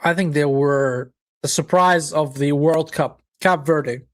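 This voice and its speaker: A man's voice: on the high side, slow pace. A man hosting a live football watchalong, chatting casually, reacting to the match and viewers' comments, with occasional swearing. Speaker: watchalong host.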